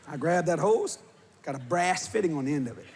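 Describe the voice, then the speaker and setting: A man preaching, telling a funny story with laughter and bursts of shouting. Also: on the high side, a little fast. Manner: animated, laughing while telling, shouting at peaks. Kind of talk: humorous storytelling sermon. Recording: live audience with crowd noise.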